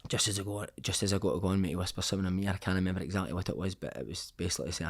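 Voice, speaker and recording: Swearing, animated male storyteller. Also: deep voice, very fast. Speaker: podcast guest, former footballer. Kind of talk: casual anecdote telling.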